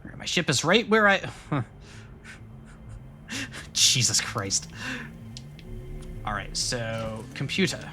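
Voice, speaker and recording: A man's voice: medium pitch, very animated, slow, pauses often, pushed and bright. A man giving live, rambling commentary as he plays a video game, joking back at his chat. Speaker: streamer. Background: game music.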